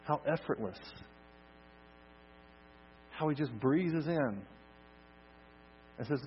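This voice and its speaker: A man preaching a sermon, swinging from loud emphasis to soft, hushed lines. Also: medium pitch, unhurried, long pauses, husky. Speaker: pastor. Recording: dull lo-fi recording with mains hum.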